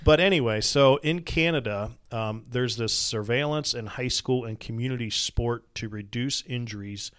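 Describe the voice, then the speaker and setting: A man's voice: medium pitch, moderate pace, few pauses, fairly bright tone, smooth, no room sound. A man in his forties hosting a podcast, explaining things in a chatty way with plenty of filler words. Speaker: podcast host. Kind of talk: casual chat.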